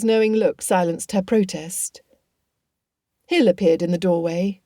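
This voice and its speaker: A woman narrating a period novel audiobook in a measured storytelling manner. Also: lowish voice, dark tone, husky, dry recording, clean studio sound.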